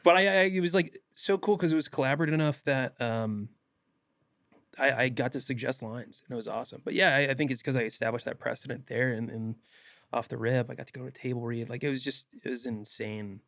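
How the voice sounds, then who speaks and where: Man, young adult, podcast guest, animated anecdotes, dry sound. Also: medium pitch, fast, dry recording. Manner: animated, laughs often, acts out quotes. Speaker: actor guest. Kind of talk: casual podcast interview storytelling.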